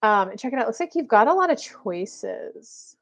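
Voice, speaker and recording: A woman's voice: on the high side, big pitch swings, normal speed. A woman giving a casual, chatty live-stream card reading as a spiritual coach, full of fillers and little acted-out quotes.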